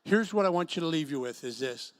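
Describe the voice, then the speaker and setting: A man's voice: on the high side, expressive, quick pace, smooth. A middle-aged man preaching a sermon to a singles group in an event room, telling stories and acting out quotes. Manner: storytelling with acted quotes. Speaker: pastor.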